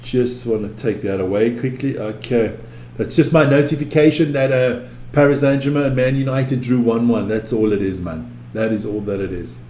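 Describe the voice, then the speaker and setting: A man's voice: medium pitch, fairly even intonation, normal speed, warm tone. A man casually chatting on a live stream, rambling, repeating himself and swearing freely as he reads viewer comments. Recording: echoey room with faint ambient noise.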